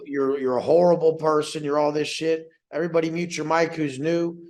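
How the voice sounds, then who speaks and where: A brash young man leads a motivational group coaching call, swearing freely and acting out the voices of the people he talks about. His voice sits a little high. The sound is roomy and echoing. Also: flat delivery, fairly quick, darkish tone.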